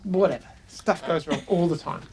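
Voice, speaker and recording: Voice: medium pitch, normal speed, a little mellow, slight background noise. A game master with a New Zealand accent narrating a tabletop game, hesitant and full of ums and restarts.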